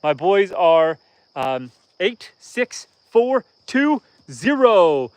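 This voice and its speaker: A Canadian man in his thirties from northern Canada hosts a casual homesteading livestream outdoors, chatting in an easygoing, rambling way and reading viewer comments aloud. His voice is high-pitched with big swings in pitch, a very slow pace, and a darkish tone.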